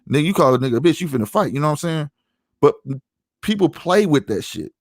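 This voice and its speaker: Heard in studio quality with no room sound, the St. Louis podcast host speaks fast in a fairly high, sing-song voice. His casual talk is slangy storytelling, punctuated by frequent "you know what I'm saying."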